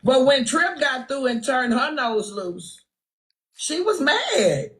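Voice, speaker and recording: A woman's voice: sits high, lively intonation, slow, fairly bright tone, rough recording. A woman with a Texan accent hosting a phone livestream, giving brash, sassy gossip commentary and calling people out. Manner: brash, trash-talking, sassy. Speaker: livestream host. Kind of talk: casual live-stream gossip commentary.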